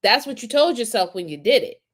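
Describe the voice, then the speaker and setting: A woman hosting a live stream, reacting to crime footage with animated, indignant commentary and talking to her chat viewers. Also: a little high, a little fast. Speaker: host reacting to crime videos.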